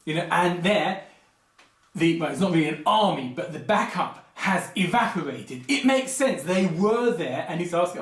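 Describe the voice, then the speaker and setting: A man hosting a film commentary video, talking casually and going off on digressive, animated rants with lots of asides. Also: high-pitched, moderate pace, echoey room.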